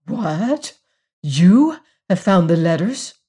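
A man's voice: sits high, sing-song, slow pace, warm tone, breathy edge, full character voice. A narrator voicing a cringing, blackmailing male servant who pleads with tremulous eagerness and turns silky. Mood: startled. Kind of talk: audiobook character reading.

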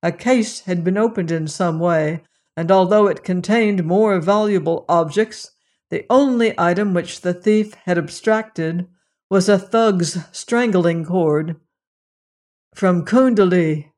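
A narrator doing an anxious, grim old doctor. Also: male voice, high voice, takes it slowly, a little mellow. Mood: urgent. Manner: urgent, grim, warning. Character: anxious older male doctor, the hero's father.

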